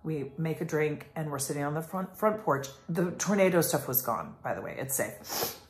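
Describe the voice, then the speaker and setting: A woman in her thirties speaks with a low voice, rambling through a casual vlog monologue. She is passionate and uses many fillers. The sound is echoey, as if recorded in a bare room. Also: lively intonation, normal speed. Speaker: life coach.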